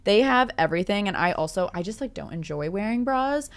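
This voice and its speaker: A young woman talks quickly in a casual podcast chat with a friend. She's a chatty storyteller who slips into the voices of the people she's describing. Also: mid-range voice, animated. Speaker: podcast co-host.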